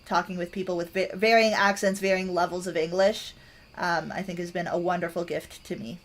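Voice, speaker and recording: A woman's voice: lowish voice, steady tone, brisk. A young woman from Canada, chatting casually to her stream audience in a rambling way, with many fillers, restarts and laughs.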